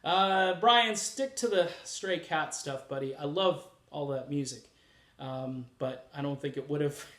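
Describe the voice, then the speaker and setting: Animated man with a fairly high voice. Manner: animated, opinionated, sarcastic asides. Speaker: music commentary channel host. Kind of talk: casual opinion commentary. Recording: echoey room with faint rumble.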